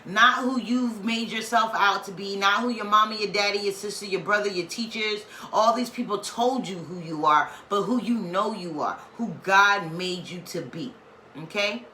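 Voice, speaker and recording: A woman with a bright, forward voice gives a casual spiritual reading, preaching with emphatic slang and playful asides. She sounds like she is in an echoey room with faint noise behind her. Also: medium pitch, normal speed. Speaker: spiritual tarot reader.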